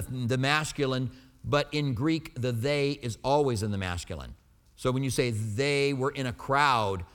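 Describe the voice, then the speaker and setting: A man's voice: mid-range voice, in a large hall. A man preaching a sermon as a pastor. He teaches from the Bible in an emphatic, conversational way.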